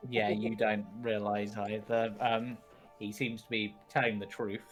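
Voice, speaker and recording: A man narrating a tabletop game as game master, relaxed and chuckling, with plenty of ums. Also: on the low side, a little slow, faint music behind.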